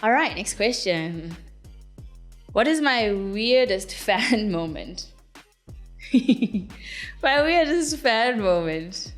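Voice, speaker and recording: A woman's voice: medium pitch, very animated, takes it slowly, long pauses, soft background music. A young woman from Zimbabwe, a singer-songwriter, answering interview questions in a chatty, giggly way with lots of fillers.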